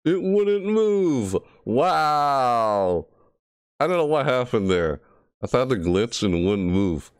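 Wearing a VR headset, a man gives live commentary on a horror game, jumpy and frustrated, often bursting into panicked yelps and shrieks. His medium-pitched voice is smooth and sing-song at a slow pace, in a dry, studio-quality recording.

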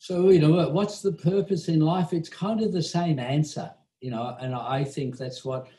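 A man, a meditation teacher, spins a story in a loose conversational way, laughing softly between thoughts and leaning on "you know". His voice sits a bit high for a man. The sound is echoey, as if recorded in a bare room. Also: moderate pace. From Australia. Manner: chuckling storyteller with frequent "you know" fillers.

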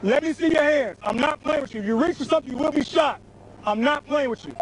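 A male police officer shouting stern, repeated commands at a driver during an arrest, recorded outdoors on a body camera. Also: very high-pitched, fast talker. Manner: forceful, repetitive, stern. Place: outdoors on a street by a stopped car. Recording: body camera audio with background noise.

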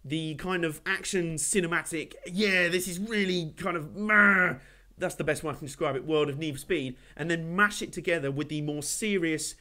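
A man hosting a gaming channel, giving animated, jokey commentary over a racing game he is playing. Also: fairly high pitch, moderate pace. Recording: game car noise under voice. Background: racing game engine noise.

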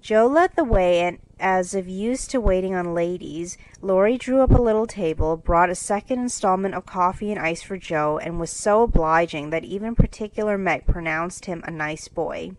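A woman narrating a classic storybook in a steady, clear reading for English learners. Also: fairly low pitch, normal speed, hardly any pauses, rough recording.

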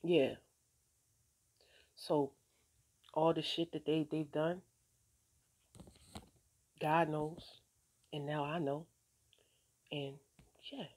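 A woman's voice: deep voice, steady tone, drawn-out words, long pauses, a little mellow. Laid-back streetwise woman vlogging about faith. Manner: laid-back, streetwise, repeats "you know what I'm saying"; encouraging, preachy, swears casually. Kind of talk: casual faith-filled vlog monologue.

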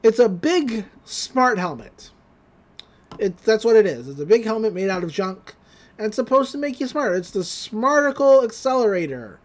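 A woman's voice: on the high side, animated, moderate pace. A woman hosting a podcast, recapping a cartoon episode in a chatty, giggly way with lots of fillers. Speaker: podcast host.

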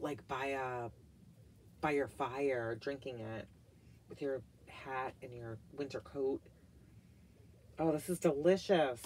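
Middle-aged lady doing a chatty haul vlog, unhurried, gushes a lot, little whispery asides, faint hiss behind. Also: rumbling low, a little mellow. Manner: gushing, chatty, full of "like" fillers, drops to whispered asides. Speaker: vlogger reviewing wax melts.

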